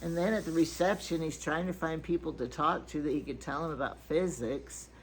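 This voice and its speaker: A woman's voice: low-pitched, steady tone, a little fast, a little hiss or hum, rough recording. An older grandmother chatting casually through a shopping haul, rambling from item to item with stories and asides. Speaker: vlogger.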